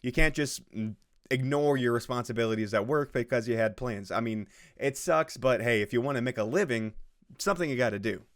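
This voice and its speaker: Reacting to a social media post as a video host, a man reads it out with casual, sarcastic commentary, swearing freely and laughing at his own jokes. His mid-range voice moves briskly.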